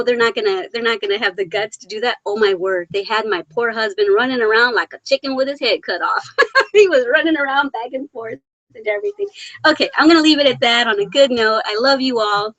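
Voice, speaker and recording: A woman with a somewhat high voice hosts a casual live chat. She reads viewers' comments aloud, laughs often and gushes with affection, with a tired, emotionally worn edge underneath. The sound is dry and close, with no room echo. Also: a little fast, fairly bright tone. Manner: affectionate and chatty. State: emotionally worn after a hard weekend. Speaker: live stream host.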